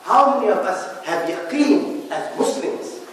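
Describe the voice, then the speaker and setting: A man's voice: extremely high pitch, lively intonation, a little slow, a bit bright, a little hiss or hum. A man with a South African accent giving a Friday sermon in a mosque, explaining patiently with light humour. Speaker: imam giving Friday lecture. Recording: echoey mosque hall, distant mic.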